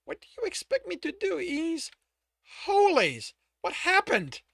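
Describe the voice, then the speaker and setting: A man voicing a blunt, clinical woman healer who speaks in a brisk, matter-of-fact way. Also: very high voice, huge pitch swings, gravelly, a bit bright, no echo, clean studio sound, voice pushed up, heavily acted. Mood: alarmed.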